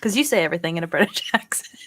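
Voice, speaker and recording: A woman's voice: lowish voice, racing, a bit bright. A woman co-hosting a casual gaming podcast, chatty and laughing often as she searches for names. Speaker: podcast co-host. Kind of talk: casual chat.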